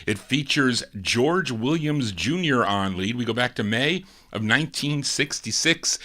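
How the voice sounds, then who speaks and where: A man hosting a live oldies record show, introducing singles in a relaxed, chatty way with small restarts. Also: medium pitch, unhurried, hardly any pauses. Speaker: radio show host and DJ. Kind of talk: casual record-show patter.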